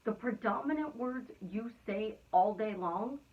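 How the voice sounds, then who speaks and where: A woman's voice: a little high, unhurried, far from the mic. Upbeat woman doing a casual manifestation vlog, kinda muffled audio. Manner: playful and upbeat. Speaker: manifestation coach.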